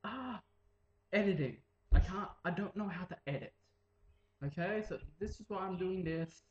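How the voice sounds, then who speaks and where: A man's voice: sits high, moderate pace, reverberant, lo-fi sound. A teenage boy rambling in a casual vlog, mumbling and jumping into silly voices. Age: late teens. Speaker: vlogger.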